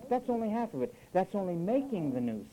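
A man's voice: high-pitched, a little fast, a little hiss or hum, poor audio. A man preaching a sermon, emphatic, often mimicking what listeners say. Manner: emphatic, lively rises and drops, quoting listeners in mock voices.

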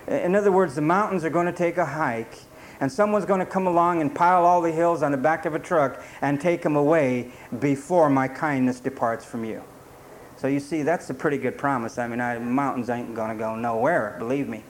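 A man preaching a sermon, reading scripture in slow measured phrases and then explaining it in plain, folksy everyday talk. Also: fairly high pitch, a little hiss or hum.

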